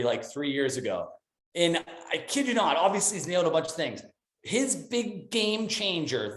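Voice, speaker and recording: Pumped-up middle-aged guy doing a motivational talk, kinda high voice, echoey room. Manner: enthusiastic, animated, jumps between voices for quotes. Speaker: motivational speaker. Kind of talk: energetic motivational talk on a live call.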